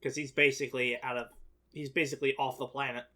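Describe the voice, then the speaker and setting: A man's voice: mid-range voice, flat delivery, fast, pushed and bright. A man chatting casually as a reaction co-host, rambling and defensive and often restarting his sentences. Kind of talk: casual chat.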